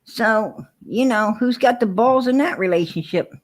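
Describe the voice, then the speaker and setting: Blunt and profane, a woman argues with viewers and tells stories during casual livestream talk; she is an adult with four kids. She speaks at a moderate pace in a voice on the high side.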